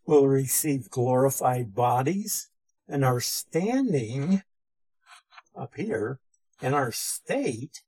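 A man lectures on theology as a Bible teacher, defining each term with care and repeating the key phrases. His voice is husky and a little breathy. He speaks slowly and deliberately. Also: medium pitch, darkish tone, rough recording.

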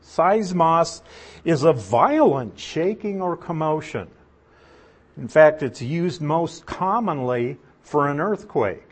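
A man teaching a Bible lesson, explaining Greek words and putting questions to his listeners. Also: mid-range voice.

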